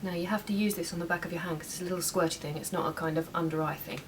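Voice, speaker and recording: A young woman rattles off a casual makeup tutorial at home very fast, her low-ish voice holding a steady tone. She keeps chatting as she works, adding small asides. The mic sits a bit far off and picks up faint room noise.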